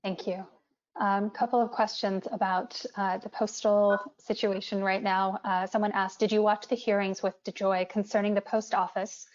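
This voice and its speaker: A woman moderator reads viewers' questions aloud. Her pitch sits in the middle and barely moves, so the delivery stays flat. The audio is muffled and lo-fi. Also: normal speed. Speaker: moderator reading audience questions. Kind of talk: reading questions on a livestream. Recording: dull lo-fi stream audio.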